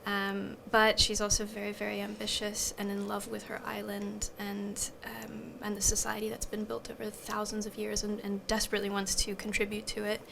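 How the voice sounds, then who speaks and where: A woman's voice: mid-range voice, monotone, normal speed, vocal fry, few pauses, noisy background. A woman speaking as an actress in an interview, sincere and slightly hesitant as she describes her character. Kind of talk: casual interview answer.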